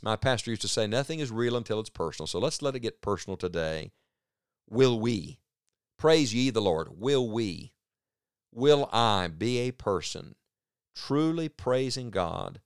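Earnest preacher guy, smooth lowish voice, dry close mic. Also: dry recording. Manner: earnest, rises and drops for emphasis. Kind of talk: sermon.

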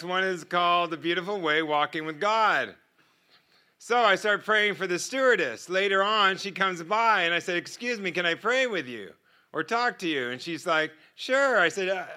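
A middle-aged man telling stories as a guest speaker in a sermon, animated and often laughing between lines. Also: sits high. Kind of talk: sermon storytelling.

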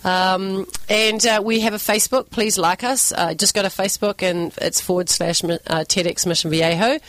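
A woman's voice: mid-range voice, steady tone, moderate pace, a bit bright, dry recording, poor audio. Chatty woman guest on the radio. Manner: chatty, enthusiastic, many ums and restarts. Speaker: event organizer and actress, guest. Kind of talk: casual radio interview. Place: radio studio.

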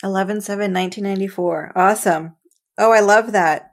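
A woman hosting a casual interview, her voice at an ordinary middle pitch. She answers her guest with warm, eager reactions and short follow-up questions. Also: fairly even intonation, a little fast. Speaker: podcast host.

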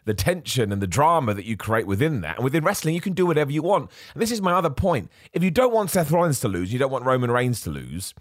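A man's voice: medium pitch, fast talker, few pauses, no echo, clean studio sound. A man hosting a podcast, chatting casually and animatedly, often correcting himself mid-sentence. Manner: animated, self-correcting, mocks other voices. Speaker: podcast host. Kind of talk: casual wrestling opinion chat.

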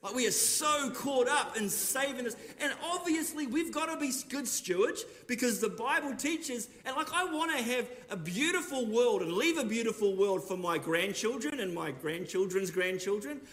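A man with a high, light voice delivers a sermon. He preaches earnestly and with emphasis. He drives his points home with rhetorical questions. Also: lively intonation, normal speed, few pauses, fairly bright tone.

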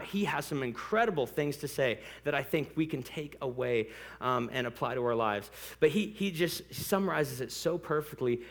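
A man preaching a sermon in a church, conversational and playful, with asides to the congregation. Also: on the high side. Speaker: pastor.

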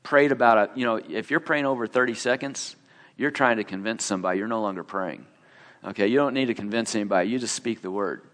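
A man's voice: on the low side, quick pace, fairly bright tone. Man telling a sermon story in a reverberant hall. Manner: conversational, acts out the people in his story. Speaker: preacher sharing a testimony.

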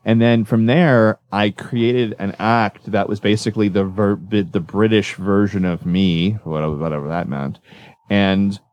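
Low-voiced man telling stories animatedly. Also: dry recording. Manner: rambling, self-correcting, animated storytelling. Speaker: magician guest. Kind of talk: casual podcast interview.

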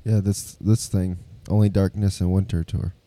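A man co-hosting a podcast, cutting in with dry, quick quips. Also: sits low, flat delivery, warm tone. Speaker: podcast co-host. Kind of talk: casual chat.

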